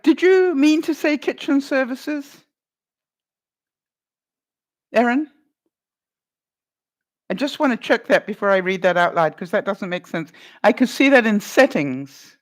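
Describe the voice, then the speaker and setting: Middle-aged lady vlogger chatting with her live chat, giggly, does little voices, middle-pitched voice. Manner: chatty, laughs often, acts out little voices. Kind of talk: casual live-stream chat.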